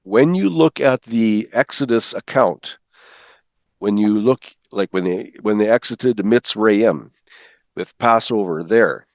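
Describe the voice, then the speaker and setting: A man teaching a Bible calendar class from slides, talking quickly and putting questions to his listeners. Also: on the low side, lively intonation, no echo.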